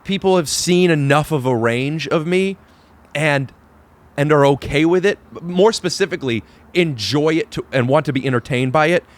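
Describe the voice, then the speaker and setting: A man's voice: on the high side, normal speed. A man hosting a podcast, talking earnestly in a rambling way with many restarts, outdoors on a balcony. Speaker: podcast host. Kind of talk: casual chat.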